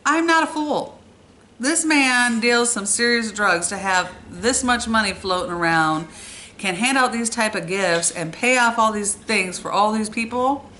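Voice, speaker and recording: A young woman telling a true story from her own life in a casual, animated and exasperated way. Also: fairly high pitch, a little slow, a little hiss or hum. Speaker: storytime vlogger.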